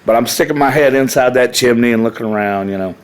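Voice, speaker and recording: A man's voice: medium pitch, fast, clear, resonant tone. A middle-aged man, a podcast guest telling rowdy, profane stories in a casual way. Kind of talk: casual storytelling.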